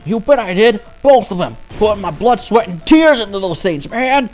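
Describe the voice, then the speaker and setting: A let's-play gamer voicing a loud, eager teenage boy art student who shouts every line in a high, boisterous voice. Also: sing-song, normal speed, soft background music, lightly acted.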